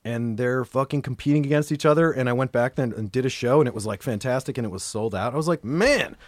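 A man from Pittsburgh tells stories on a podcast, his voice leaping up and down as he gets into them. He sits close to the mic in a dry, dead-sounding room, and his pitch is ordinary for a man. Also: no echo. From Pittsburgh, USA. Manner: animated storytelling with quick pitch jumps. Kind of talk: casual podcast chat.

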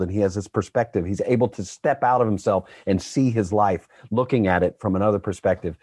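A middle-aged man with a low voice talks loosely about his acting work, rambling and self-deprecating. The sound is dry and close, with no room around it. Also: darkish tone, dry recording. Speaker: voice actor guest. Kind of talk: casual podcast chat.

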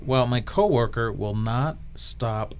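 A man on a podcast reading a listener's letter aloud, deadpan. His voice sits at a middle pitch, with faint background noise behind it. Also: slow. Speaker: guest.

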